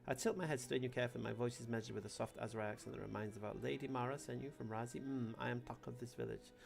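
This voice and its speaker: A man voicing a wary, guarded male village elder in a game, reading the elder's lines aloud in a measured way. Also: mid-range voice, vocal fry, close to an everyday voice.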